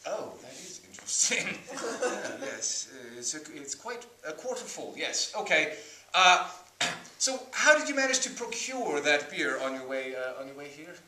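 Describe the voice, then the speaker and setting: A man playing an awkward male court-appointed therapist in an improv scene, halting and politely formal. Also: fairly high pitch, very animated, sharp tone, exaggerated voice. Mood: hesitant. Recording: roomy, distant mic.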